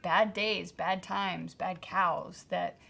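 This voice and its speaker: A woman's voice: on the low side, steady tone, slow pace, creaky, fairly bright tone. A woman with a Pennsylvania accent co-hosting a homestead podcast, matter-of-fact with dry quips. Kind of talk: casual chat.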